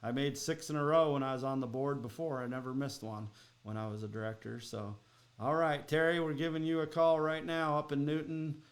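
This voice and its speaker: A man's voice: fairly high pitch, fairly even intonation, a little fast, slight background noise. A man from Minnesota hosting a podcast and quiz, chatting in a rambling, friendly way with frequent laughs. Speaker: podcast host and quiz master. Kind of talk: casual chat.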